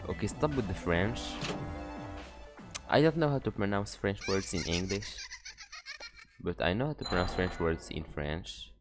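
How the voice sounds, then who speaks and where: Joking let's-play guy, deep voice, swears a lot, game music loud behind him. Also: unhurried, long pauses. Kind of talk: casual gameplay commentary.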